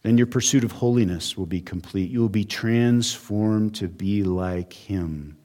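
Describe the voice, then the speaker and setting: A male pastor preaching a sermon in a church, earnest, with emphatic rises and quiet drops. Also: fairly low pitch, measured pace. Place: church sanctuary.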